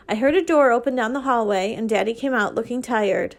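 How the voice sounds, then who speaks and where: A woman, a librarian, reading a children's novel aloud in a steady, expressive way. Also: fairly high pitch, fairly quick, gravelly, hardly any pauses. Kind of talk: storybook reading.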